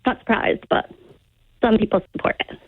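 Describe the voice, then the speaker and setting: A woman's voice: normal speed, no room sound. Blunt woman caller over a phone line. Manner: blunt, short emphatic replies. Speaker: caller, restaurant worker. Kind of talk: phone-in talk.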